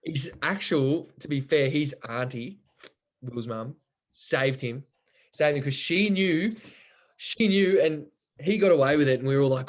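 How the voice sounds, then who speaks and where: A man's voice: mid-range voice, normal speed. Young man telling rambling stories. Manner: rambling, swears freely, laughs while telling stories. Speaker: podcast guest. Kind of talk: casual storytelling chat.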